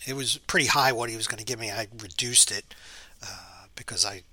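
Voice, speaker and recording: A man, a real estate agent, telling an anecdote in a chatty, halting way, often dropping to a near whisper. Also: on the low side, sharp tone.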